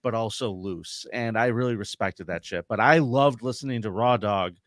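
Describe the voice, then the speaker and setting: A man's voice: on the low side, moderate pace, fairly bright tone, no room sound. Joking male podcast co-host, dry sound. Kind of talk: casual podcast chat, reading chat messages.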